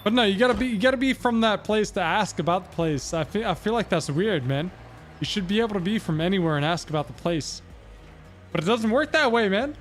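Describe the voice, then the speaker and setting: Guy streaming a game, highish voice, rambly chatty commentary. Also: expressive, a little fast, slight background noise. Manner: rambling, musing, talks to chat. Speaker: gaming livestreamer. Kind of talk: casual gameplay commentary.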